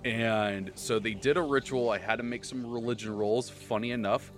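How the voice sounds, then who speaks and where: A man hosting a casual podcast chat, excitably rambling as he recaps the tabletop campaign he runs as game master. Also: medium pitch, moderate pace.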